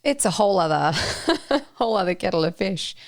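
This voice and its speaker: A woman co-hosting a podcast in casual chat, chatty and quick to laugh. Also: mid-range voice, lively intonation, dry recording. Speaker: podcast co-host.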